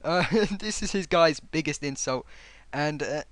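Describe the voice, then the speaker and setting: A man's voice: a little high, unhurried, a bit bright, dry recording. A man reading out online comments and mocking them, sarcastic and exasperated.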